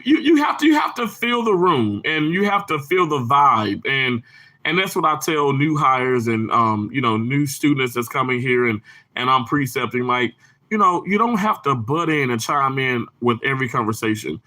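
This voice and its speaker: Southern male livestream host, lively swooping delivery, bubbly and quick to laugh. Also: a little high. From Mississippi. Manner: bubbly, laughs often, bursts into exclamations. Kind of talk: casual chat reading viewer comments.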